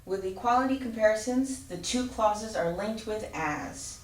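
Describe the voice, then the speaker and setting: Slow, clear-spoken woman teaching grammar. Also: mid-range voice. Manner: slow, clear teacherly explanation with spelled-out letters. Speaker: ESL teacher. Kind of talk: grammar lesson. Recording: roomy, distant mic with faint ambience.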